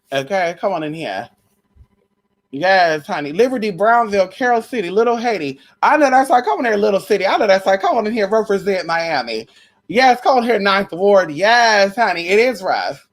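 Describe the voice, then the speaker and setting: Sassy, brash woman gossiping on a livestream. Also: mid-range voice. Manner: sassy, brash, slangy, swears a lot. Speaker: livestream host. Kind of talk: casual spiritual gossip chat.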